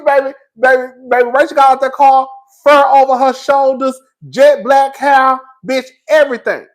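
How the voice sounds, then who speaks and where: A man doing animated, profane reality-TV gossip commentary, sassy, laughing often and shouting out loud impressions, a little tipsy. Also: very high voice. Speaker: commentary host.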